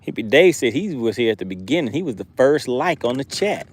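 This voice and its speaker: A man's voice: mid-range voice, sing-song, fairly quick, husky. A man hosting a fishing livestream, reading viewer comments aloud and laughing often in casual chat.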